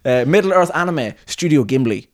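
A man's voice: on the high side, lively intonation, a little fast. Laughing man hosting a casual chat. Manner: rambling, self-mocking, laughs at own jokes. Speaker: podcast host.

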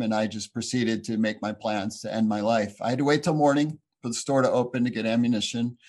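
A man giving a personal faith testimony in an earnest, halting, reflective way, often restarting his sentences. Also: fairly low pitch, little pitch movement, darkish tone. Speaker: speaker sharing a personal testimony.

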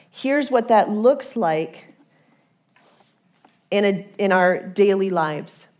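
A woman preaching a sermon at an unhurried, deliberate pace. Her voice is mid-pitched and conversational, earnest rather than showy. She often falls quiet and soft, almost whispering, on the key lines. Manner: conversational, earnest, drops to soft near-whisper for quoted invitations. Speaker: pastor.

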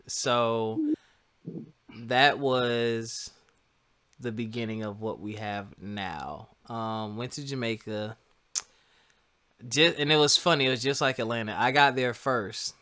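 Bright, smooth-voiced man telling a story. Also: medium pitch, slow. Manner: animated, laughs often, talks to listeners as y'all. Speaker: co-host telling a couple's story. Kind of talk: casual storytelling chat.

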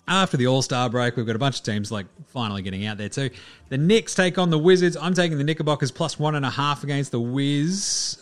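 A man hosting a basketball show in casual solo commentary, loose and chatty, with the odd swear word. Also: medium pitch. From Australia. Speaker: basketball podcast host.

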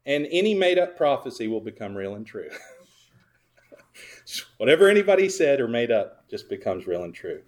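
A man preaching a sermon at a mid pitch. He leans on sarcasm and keeps asking the congregation questions. His loudness keeps jumping between strong emphasis and near-murmured asides. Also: expressive, normal speed. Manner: wide swings between loud emphasis and quiet asides. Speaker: pastor.

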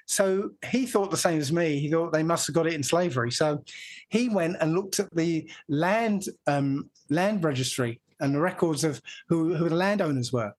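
A man from England with a fairly high voice, talking casually and explaining things at length. He laughs now and then. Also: normal speed. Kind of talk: casual conversation.

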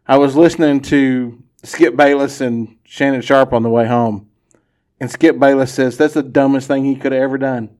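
A man's voice: medium pitch, steady tone, normal speed, a little mellow. A man hosting a casual sports podcast, easygoing and opinionated, laughing often. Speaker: podcast host.

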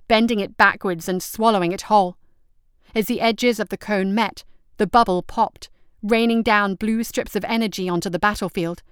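A woman's voice: medium pitch, smooth, no room sound, clean studio sound. A woman reading out an action story as narrator, telling it steadily and vividly.

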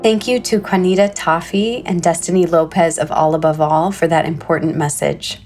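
A woman hosting a podcast, introducing a guest and chatting in a relaxed way with fillers. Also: on the low side, normal speed, soft background music. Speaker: podcast host. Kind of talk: conversational interview.

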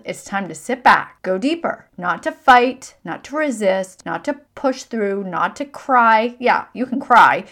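A middle-aged woman hosting a solo podcast, talking in an emphatic, motivational way with repeated affirmations. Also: medium pitch. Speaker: podcast host.

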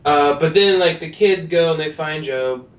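Male podcast co-host, rambling and jokey, recorded from across the room on a muffled mic. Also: moderate pace. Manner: rambling, laughs often, acts out lines. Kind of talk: casual movie review chat. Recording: distant roomy lo-fi mic with faint rumble.

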